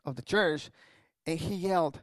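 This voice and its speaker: High-voiced pastor preaching a sermon. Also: male voice, normal speed, fairly bright tone, dry recording.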